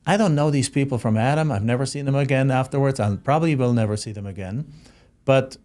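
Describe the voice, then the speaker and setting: A middle-aged man with a German accent hosts a reflective solo monologue. He speaks heartfelt and halting, often starting a phrase over before finishing it. His pitch sits in the ordinary middle range for a man. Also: darkish tone. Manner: heartfelt, halting, many restarts. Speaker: host.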